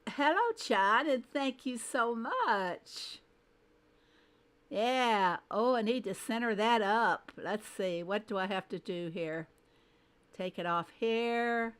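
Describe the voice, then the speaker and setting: Slow-talking woman livestream host. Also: on the high side, fairly bright tone, clean tone. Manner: greets viewers one by one, chatty and friendly; thinks aloud while fiddling with settings. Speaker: game livestreamer. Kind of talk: casual livestream chat.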